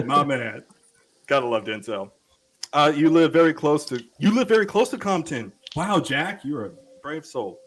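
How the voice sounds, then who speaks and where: Animated, profane man telling stories. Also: on the high side, measured pace, breathy edge, poor audio. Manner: profane and animated, acting out quoted voices. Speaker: panel show guest. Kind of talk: casual storytelling.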